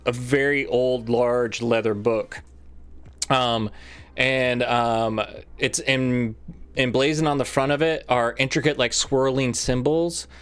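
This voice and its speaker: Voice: mid-range voice, fairly bright tone, clear, resonant tone. Gm narrating dnd, lots of ums, rambly, laughs a lot. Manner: rambling, filler-heavy, laughs often. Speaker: game master. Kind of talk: narrating a tabletop game.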